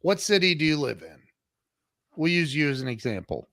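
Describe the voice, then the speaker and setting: A man's voice: a little high, no room sound. A man guest on a podcast, telling a story with energy and acting out the dialogue he quotes. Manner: animated, talks fast, acts out quoted dialogue. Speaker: podcast guest, social media coach.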